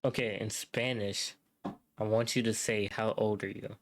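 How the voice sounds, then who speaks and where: Low-voiced man trash-talking crudely. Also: fairly even intonation, moderate pace. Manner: crude, taunting, heavy swearing. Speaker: streamer. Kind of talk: casual trash talk.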